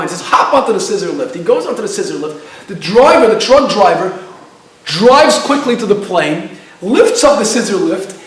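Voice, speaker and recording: A man's voice: sits high, normal speed. Far-off man telling a story in an echoey room. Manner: animated storyteller who questions his audience. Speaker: lecturer. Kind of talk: storytelling class.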